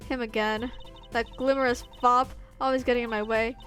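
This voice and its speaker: A sardonic young woman detective from a courtroom game, read by a young woman close to her own voice. She clips her lines short and sounds put out by everyone. Quiet music plays underneath. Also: on the high side, flat delivery, moderate pace, natural voice. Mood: irritated. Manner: curt and sardonic. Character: grumpy young woman detective, dry and irritable.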